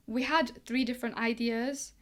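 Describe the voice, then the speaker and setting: A young Englishwoman, a boxing coach appearing as a guest, tells stories in a relaxed interview. Her voice sits on the high side and moves at a normal speed. She's chatty and lively, acting out the dialogue she quotes.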